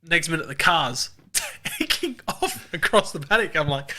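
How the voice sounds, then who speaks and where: A man's voice: a little high, huge pitch swings, unhurried, sharp tone. A young Australian man hosting a casual podcast, telling stories in a laid-back way with frequent laughter. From South Australia. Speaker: podcast host. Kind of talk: casual chat, storytelling.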